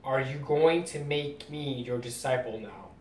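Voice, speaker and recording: A man's voice: unhurried, darkish tone, close to an everyday voice. A man reading the lines of a cocky young male ninja student from a comic, plainly. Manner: reads comic dialogue plainly. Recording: roomy distant mic, faint rumble.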